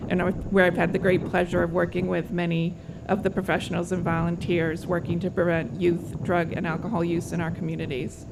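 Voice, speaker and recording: Gravelly woman giving a formal introduction. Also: on the low side, a little hiss or hum, poor audio. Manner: businesslike, informative. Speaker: county programs coordinator.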